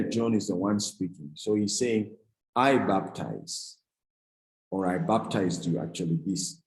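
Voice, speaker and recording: A male teacher works through a grammar lesson in a low, mellow voice. He explains patiently, pausing, restarting and correcting himself as he goes. The sound carries a noticeable room echo. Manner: explains slowly, with frequent restarts and self-corrections. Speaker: Greek teacher. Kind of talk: classroom lecture.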